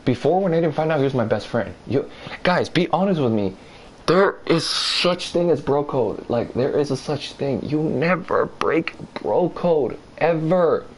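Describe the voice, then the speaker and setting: A man's voice: a little slow, a little hiss or hum, low-quality recording. A man telling a personal story in a casual, rambling way, swearing freely and acting out what others said. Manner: rambling, profane, animated retelling; acts out others' lines in a higher voice.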